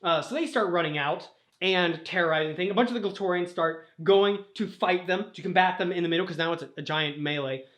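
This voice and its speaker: A man's voice: high voice, a little fast, a bit bright, reverberant. A young man casually retelling a sprawling story for laughs, swearing often and laughing at his own slips. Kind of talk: casual comic storytelling with put-on character voices.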